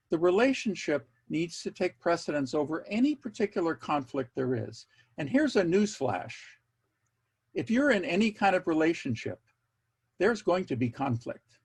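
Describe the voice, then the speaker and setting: A man presenting an online workshop over a video call, speaking in a measured way with wry asides and repeating key words for emphasis. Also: a little high, very animated, slightly rough.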